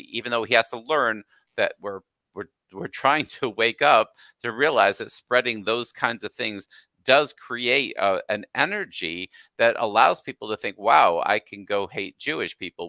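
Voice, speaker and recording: A man, a doctor guest, speaking earnestly in casual chat, with many halting restarts. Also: on the low side, vocal fry, bright, forceful tone, no echo, clean studio sound.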